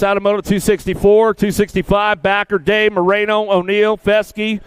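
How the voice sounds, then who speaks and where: Male BMX track announcer, very high voice, smooth and dry, fast name-calling, buddy-buddy with riders. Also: no echo. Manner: rapid-fire calls of rider names and positions; excitable, chummy with riders. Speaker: race announcer. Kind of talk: live BMX race commentary. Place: outdoor race track.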